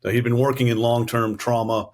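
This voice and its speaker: A man's voice: mid-range voice, level tone, brisk. Middle aged east coast guy, earnest businesslike storytelling on a podcast, medium voice. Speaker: guest, company CEO. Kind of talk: storytelling interview answers.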